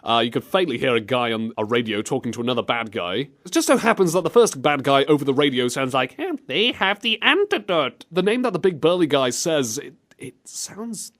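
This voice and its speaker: A man's voice: mid-range voice, expressive, fairly quick, few pauses. A man hosting a comedy podcast, giddy and laughing often as he mocks game clips. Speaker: show host.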